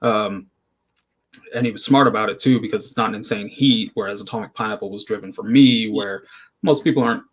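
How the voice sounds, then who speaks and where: A man's voice: on the low side, fairly quick, breathy edge. A man as an interview guest, easygoing and hesitant, with many ums and you-knows. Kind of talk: casual interview chat.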